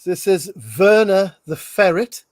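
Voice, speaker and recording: A man's voice: high voice, slow pace, a little mellow, no echo. A man hosting a casual movie commentary, rambling with restarts and frequent laughs. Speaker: film commentary host.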